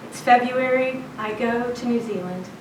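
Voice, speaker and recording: A woman's voice: fairly high pitch, moderate pace, a little hiss or hum. A woman from Chicago's South Side telling a personal story on stage, chatty and often laughing. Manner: lively, conversational, laughing at her own story. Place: storytelling event. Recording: roomy live venue, mic at a distance.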